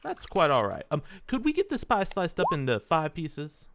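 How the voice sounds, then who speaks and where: A man's voice: fairly high pitch, huge pitch swings, normal speed, heavy background noise. A man playing a tabletop role-playing game, talking in a polite, folksy way in character. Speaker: player.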